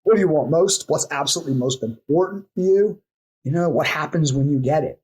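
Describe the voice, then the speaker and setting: A man's voice: fairly high pitch, darkish tone, slightly rough. A man who is a coaching expert, explaining his method in a podcast interview and reeling off strings of coaching questions. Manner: acts out client replies in quick asides.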